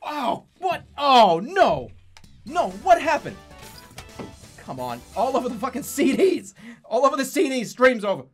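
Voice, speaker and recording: A man talks over his live game stream in a high, swooping voice. He reacts excitably, swearing and laughing as he plays, with faint music behind. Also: measured pace. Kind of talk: live gaming commentary.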